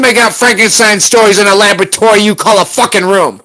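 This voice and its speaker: A man's voice: high-pitched, expressive, fast, few pauses, pushed and bright. A man on a live stream, ranting heatedly at someone and cursing constantly in a confrontational way. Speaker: livestreamer hunting for rare banknotes.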